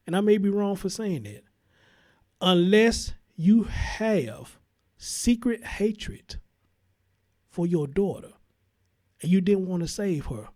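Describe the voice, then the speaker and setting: Man, talk show host, live-stream commentary, fairly high pitch, blunt, profane, heated. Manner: blunt, heavy cursing, heated.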